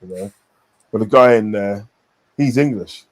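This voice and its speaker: A man's voice: fairly low pitch, measured pace. Rambling man chatting casually. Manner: rambling, repeats himself, many fillers. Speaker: streamer. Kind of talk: casual chat.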